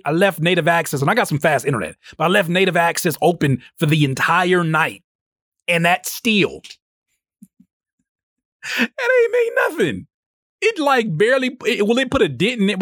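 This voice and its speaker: A man in his thirties hosting a casual solo podcast and telling a story with energy, often jumping into a high voice when he quotes himself. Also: fairly bright tone, no room sound, clean studio sound. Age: 30s. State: sleep-deprived. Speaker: podcast host.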